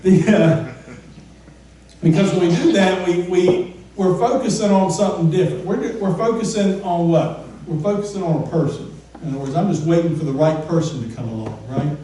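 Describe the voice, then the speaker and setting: A man's voice: high-pitched, moderate pace, mellow. A man preaching a casual, conversational sermon, often asking the congregation questions and stumbling over repeated words. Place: church sanctuary. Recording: echoey church room from far off, faint noise.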